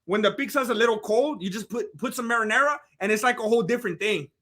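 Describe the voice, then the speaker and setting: This livestream fight commentator from California has a high, bright voice and talks fast. Reading through comments in a casual chat, he rambles constantly, peppering his speech with "like" and "you know."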